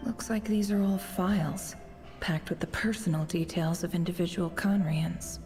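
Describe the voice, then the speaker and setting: A woman's voice: fairly low pitch, mellow. An actress voicing a curious young woman adventurer who searches an office in a whisper, whispered role-play. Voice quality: whispered, gravelly.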